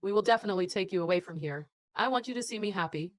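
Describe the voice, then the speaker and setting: A woman's voice: mid-range voice, expressive, rapid-fire, dry recording, studio quality, lightly acted. A woman dubbing a determined young bride in a drama, speaking in a firm and earnest manner. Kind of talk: dubbed drama dialogue.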